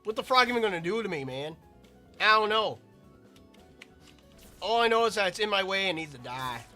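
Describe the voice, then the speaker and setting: A man's voice: high voice, animated, normal speed, pushed and bright, soft background music. A man giving rambling, chatty commentary while playing a video game. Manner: rambling, chatty, self-interrupting. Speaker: gaming video creator. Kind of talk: casual gameplay commentary.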